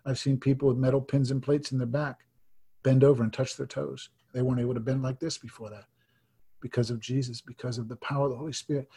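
A husky-voiced man in his fifties preaches to a congregation, telling his story in earnest. His voice drops to a near hush and then rises with emphasis. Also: medium pitch, flat delivery, fast talker. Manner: earnest storytelling, swings between hushed and emphatic. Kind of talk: sermon testimony.

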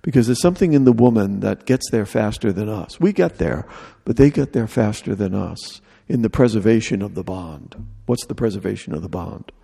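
A man's voice: fairly low pitch, lively intonation, moderate pace, gravelly, hardly any pauses, warm tone, husky, long reverb tail. A man preaching a sermon in a humorous, conversational way, acting out little dialogues.

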